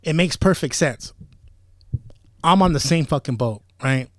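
A man's voice: a little high, lively intonation, a little slow, no echo, clean studio sound. A man co-hosting a casual podcast, talking bluntly and heatedly with heavy swearing. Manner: blunt, heavily profane, heated. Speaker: podcast co-host.

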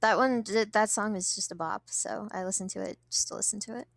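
A young woman guest on a podcast, chatty and quick to giggle as she tells a story. Her voice sits in a middle pitch. The sound is dry and close. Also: gravelly, no room sound. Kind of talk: casual chat.

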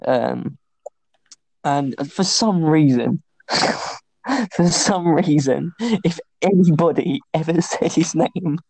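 Young bloke yapping school stories on a podcast, keeps cracking up, voice on the higher side. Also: male voice, slow, creaky, a little mellow, breathy edge, dry recording, rough recording. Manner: giggly storyteller, laughs through his own anecdotes. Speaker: podcast co-host. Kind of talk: casual chat, telling school stories.

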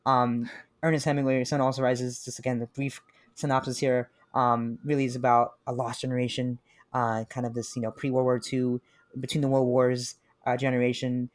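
A young man from New talks about books in a loose, joking way. He gets animated and laughs often as he goes. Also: medium pitch, moderate pace. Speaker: podcast co-host. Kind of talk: casual chat about books.

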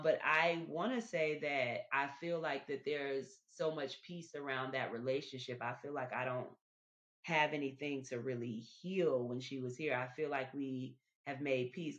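A woman hosts a podcast, speaking directly to listeners in a chatty, reflective monologue and often repeating her words as she goes. Her voice is rumbling low and a bit bright, at a normal speed. The recording is dull and lo-fi.

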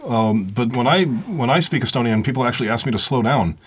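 A man co-hosting a podcast who teases his guests in quick, casual chat. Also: mid-range voice. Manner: teasing, quick, laughs often. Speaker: podcast co-host. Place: recording studio.

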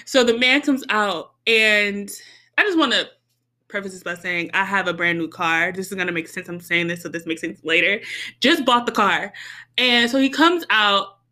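A young woman casually telling a story, animated and laughing often as she acts out her own reactions, with lots of "like" and "bro". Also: mid-range voice, moderate pace. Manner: heavy use of "like" and "bro".

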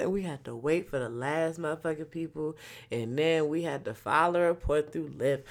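A young woman telling a story in a casual monologue. She swears a lot and swings between loud outbursts and quiet muttering. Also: low voice, expressive, moderate pace, vocal fry.

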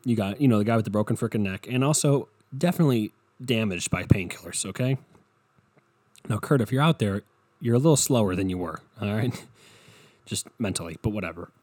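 Young man, casual comedic rant, swearing, low-pitched, mellow dark tone, dry close sound. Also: brisk, no room sound. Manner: rambling, profane, animated storytelling.

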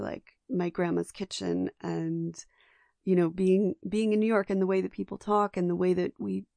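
A woman's voice: on the low side, gravelly, darkish tone, no room sound, clean studio sound. A woman co-hosting a podcast, chatting enthusiastically about a film with lots of restarts. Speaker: podcast co-host. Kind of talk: casual film discussion.

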